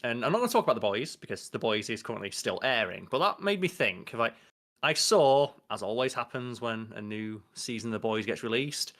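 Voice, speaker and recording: A man's voice: medium pitch, brisk. A young man co-hosting a casual podcast, joking and telling stories. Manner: joking, animated storyteller. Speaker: podcast co-host.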